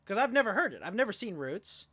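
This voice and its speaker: A man casually telling a profane, rambling story on a livestream, with lively acted quotes and many fillers. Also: sits high, fast, husky. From California. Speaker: podcast co-host.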